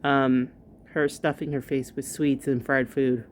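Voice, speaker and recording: A woman's voice: rumbling low, little pitch movement, measured pace, a little hiss or hum. A woman giving chatty, gossipy reaction commentary on a video, full of "like" fillers. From New York. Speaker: commentary vlogger.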